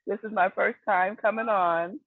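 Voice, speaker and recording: A woman's voice: on the low side, dry recording. A woman, speaking shyly and affectionately on a casual group call. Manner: shy, gushing, affectionate. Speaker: webinar participant. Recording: phone-like call audio.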